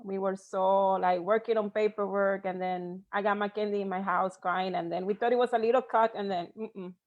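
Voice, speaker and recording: Animated woman on lo-fi video call. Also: medium pitch, normal speed. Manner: animated, storytelling. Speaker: guest. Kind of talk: casual interview chat. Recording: dull lo-fi video call audio.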